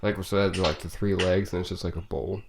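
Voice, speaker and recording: A man's voice: sits low, a little fast, creaky. A young man co-hosting a podcast in casual chat, telling stories with swearing and bursts of laughter. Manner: animated, swearing, laughing storyteller. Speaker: podcast co-host. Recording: noisy home recording.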